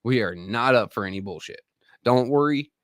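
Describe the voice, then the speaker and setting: A man in his thirties, an army veteran hosting a live stream, talks to viewers directly in a casual, rambling, profane way. His mid-range voice is expressive and moderately paced, recorded in studio quality with no room sound.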